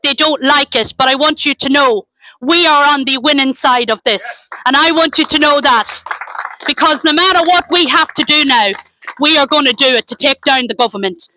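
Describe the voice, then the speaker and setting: A woman's voice: high-pitched, normal speed, sharp tone, slight background noise, poor audio. An Irish woman from Dundalk giving an impassioned, defiant rally speech, repeating her points. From Ireland (Dundalk). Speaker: rally speaker.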